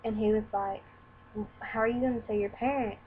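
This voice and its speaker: A young woman vlogger tells a personal story to the camera in a candid, rambling way, acting out what other people said. Her voice is on the high side with fairly even intonation and a fairly quick pace, captured in tinny lo-fi sound with faint hiss.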